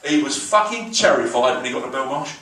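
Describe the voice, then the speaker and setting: Crude South London comic in an echoey club. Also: male voice, mid-range voice, a little fast, far from the mic. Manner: crude, self-deprecating, deadpan. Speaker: comedian. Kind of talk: stand-up comedy. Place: comedy club.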